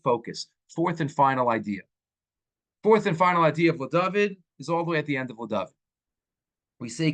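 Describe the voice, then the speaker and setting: Male rabbi giving a Torah class, fairly high voice, animated, mixing Hebrew terms into English. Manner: animated, acts out quoted speakers with swings in pitch.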